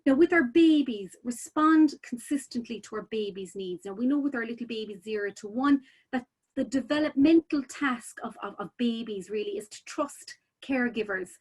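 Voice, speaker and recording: A woman's voice: a little high, normal speed. A woman presenting a childcare webinar in a chatty, informal way, full of "you know" fillers and restarts.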